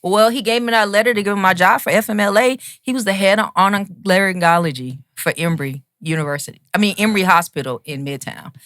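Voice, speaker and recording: A woman, a singer and radio host, telling an animated story as a podcast guest. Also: mid-range voice, quick pace, hardly any pauses, dry recording, clean studio sound. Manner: animated, acts out quoted voices. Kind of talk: casual storytelling chat.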